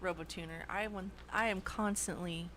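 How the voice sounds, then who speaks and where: A woman's voice: lowish voice, steady tone, moderate pace, a bit bright, slight background noise. A woman co-hosting a podcast in casual chat, teasing and playful. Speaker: podcast co-host.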